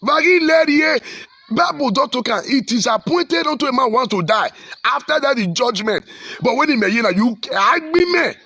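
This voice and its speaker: Raspy, fiery Nigerian man preaching. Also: very high voice, expressive, moderate pace, bright, forceful tone, no echo. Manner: fiery, repetitive exhortation. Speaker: pastor. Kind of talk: impassioned social commentary.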